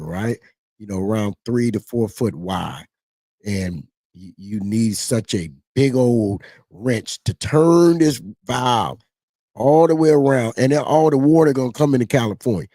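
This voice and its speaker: A man talking in a casual, rambling political commentary, animated and mocking. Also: medium pitch, no echo. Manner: animated, rambling, mocks others in put-on voices.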